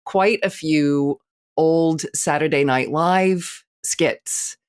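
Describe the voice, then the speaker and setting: A woman from the United States co-hosting a podcast. She talks in an easy, thoughtful way, working through her ideas out loud as she goes. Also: sits low, extremely slow, smooth. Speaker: podcast co-host. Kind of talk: casual chat.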